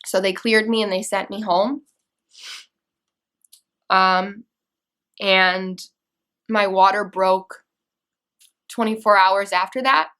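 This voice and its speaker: A young woman telling a personal story to camera, earnest and halting, with restarts and fillers. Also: mid-range voice, fairly even intonation, bright, forceful tone, clean tone. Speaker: vlogger.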